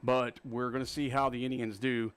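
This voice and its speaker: A man calling a live high school football game play by play, rapid and excitable on big plays, with a Texan accent. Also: clear, resonant tone. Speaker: play-by-play announcer.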